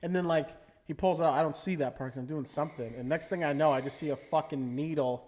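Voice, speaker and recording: A man in his twenties on a casual podcast, talking fast, cutting in often and swearing freely. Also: on the high side, darkish tone. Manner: rapid, interrupting, swears freely. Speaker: podcast co-host.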